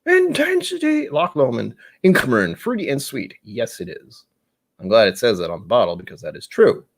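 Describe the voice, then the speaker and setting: A man's voice: lowish voice, very animated, normal speed. A man hosting a live stream in casual chat, rambling and self-mocking, with the odd casual swear. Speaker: livestream host.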